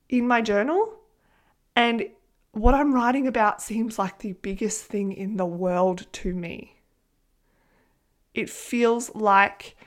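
Animated Australian woman podcasting, high-pitched. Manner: chatty and earnest, animated, swearing freely. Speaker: podcast host and manifestation coach. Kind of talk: casual solo podcast talk.

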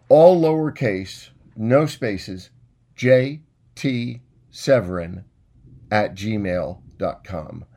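A man's voice: on the low side, dark tone. A middle-aged man hosting a podcast alone, a former political consultant with a grandiose, self-mocking manner who rambles and restarts his sentences. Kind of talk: casual monologue.

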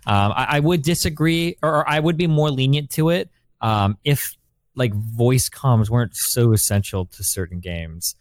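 A man in a casual podcast discussion, arguing his point quickly with lots of fillers. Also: medium pitch, no echo. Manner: fast, argumentative, filler-heavy.

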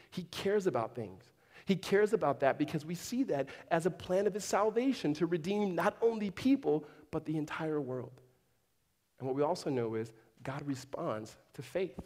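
A man preaching a sermon to a congregation in a church, speaking conversationally and slipping in dry humorous asides. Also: sits high. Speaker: pastor. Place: large church hall with a congregation. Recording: long reverb of a big hall.

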